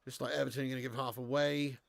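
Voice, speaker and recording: A man hosting a live football watchalong, excitable and swearing freely while chatting to viewers. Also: mid-range voice, fast, vocal fry, no echo.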